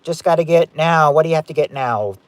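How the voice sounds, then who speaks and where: A man's voice: fairly high pitch, a little fast, no echo. Chatty man hosting a stream game night. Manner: chatty, reading out and ruling on viewer guesses. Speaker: game show host.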